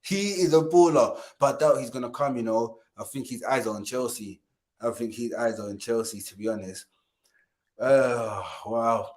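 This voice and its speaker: A slightly mellow, medium-pitched man speaking at normal speed co-hosts a relaxed live stream about football. Between jokes and frequent laughs he repeats phrases and keeps asking viewers to like and subscribe.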